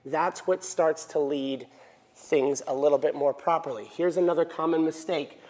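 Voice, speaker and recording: A man's voice: on the high side, moderate pace, a little mellow. A male dance teacher giving an instructional lesson, counting beats aloud and checking in with frequent "right?". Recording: echoey hall reverb.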